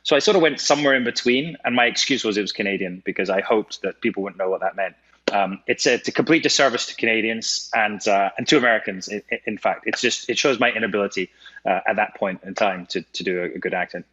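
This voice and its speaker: Scottish guy on a video call, bright forceful voice, kinda dull lo-fi sound, chatty with lots of restarts. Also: fairly low pitch, fast, slightly rough. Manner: chatty, laughing, many restarts. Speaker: actor guest. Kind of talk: casual interview chat.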